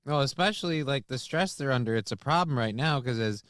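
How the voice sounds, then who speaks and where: A man co-hosting a livestream, cutting in with crude jokes and quick remarks. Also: medium pitch, lively intonation, fairly bright tone, no echo, clean studio sound. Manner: crude joking interjections. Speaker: co-host. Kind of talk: casual livestream chat.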